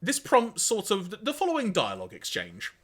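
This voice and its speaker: A man's voice: sits high, huge pitch swings, brisk, a bit bright, husky. A man co-hosting a podcast, recapping episodes in casual chat, acting out quoted lines with a laugh. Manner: reads quotes aloud in put-on voices, laughs often. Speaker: podcast co-host.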